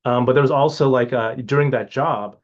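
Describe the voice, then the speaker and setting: A man's voice: mid-range voice, brisk. Hesitant man from Hawaii, muffled recording. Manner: hesitant, many restarts and fillers. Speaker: interviewee. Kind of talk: casual reflective interview.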